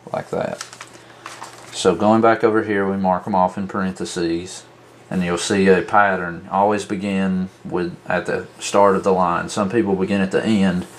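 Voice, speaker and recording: A man teaching a tutorial at a worksheet, talking slowly and drawing out syllables to show their stress. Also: low voice, vocal fry, a little hiss or hum. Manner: slow, deliberate, drawn-out syllables. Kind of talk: whiteboard tutorial.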